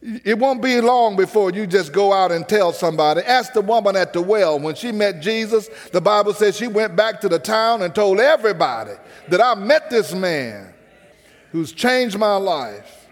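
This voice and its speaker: Preacher, male, high voice, rhythmic sermon cadence, long reverb. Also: lively intonation, normal speed. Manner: preaching cadence, calls to the congregation.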